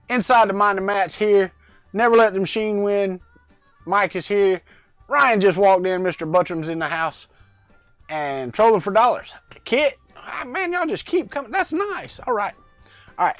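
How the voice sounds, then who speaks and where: A man's voice: high-pitched, a bit bright, no room sound. A middle-aged man hosting a casual livestream from his home workspace, rambling and greeting viewers in the chat by name, talking into a lavalier mic. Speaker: livestream host. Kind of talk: casual live-chat vlog.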